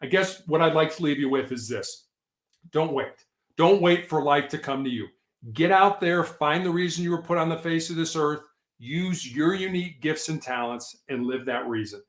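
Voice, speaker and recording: Man, guest author, earnest emphatic storyteller; a touch high, echoey room. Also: moderate pace. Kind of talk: podcast interview.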